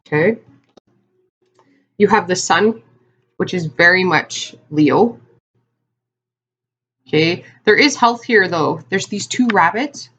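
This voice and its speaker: A woman's voice: lowish voice, expressive, slow, pauses often, a bit bright, husky. A woman giving a casual tarot card reading to her viewers, talking in a chatty, rambling way with lots of fillers and asides. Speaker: tarot reader.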